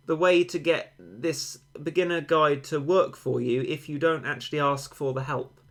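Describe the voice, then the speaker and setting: A man's voice: a little high, normal speed, fairly bright tone. A young man, a game streamer, chatting casually and rambling, answering viewer comments with mock-dramatic overstatement.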